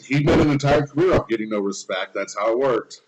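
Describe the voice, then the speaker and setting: A man co-hosting a nerdy podcast, trading teasing, mock-serious jabs with his friends. His voice swings widely in pitch and sits at a middle height. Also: animated, a little fast, background noise. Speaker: podcast co-host. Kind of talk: casual chat.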